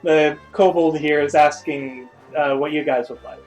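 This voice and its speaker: A man's voice: on the high side, fairly even intonation, measured pace, soft background music, poor audio. A man narrating a tabletop game as game master, rambling with lots of hesitations. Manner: rambling, full of uhs and restarts.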